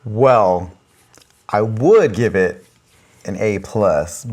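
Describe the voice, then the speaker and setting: A man's voice: lowish voice, animated, drawn-out words, a little mellow. A man co-hosting a casual podcast, giving offhand, hesitant answers about a movie. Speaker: podcast co-host. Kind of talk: casual movie review chat.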